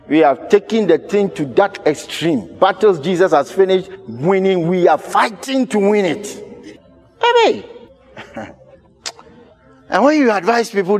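Ghanaian male pastor, high pitch, emphatic repetitive sermon, faint music under. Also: a little mellow. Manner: emphatic, repetitive preaching with rhetorical questions.

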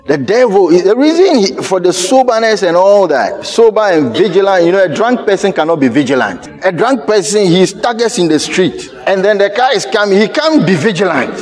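A male preacher delivers his sermon in a lively voice that swings widely in pitch and sits a little high. He races through asides, then shouts or stretches out words for emphasis. Soft music plays faintly behind him. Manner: animated preaching, sudden shouts and drawn-out emphasis.

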